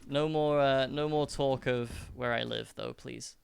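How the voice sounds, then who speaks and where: A man's voice: mid-range voice, fairly even intonation, a little slow, gravelly, smooth, no echo. A man streaming a game live, chatting casually with his viewers and musing aloud as he answers their comments. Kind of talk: casual chat with live viewers during gameplay.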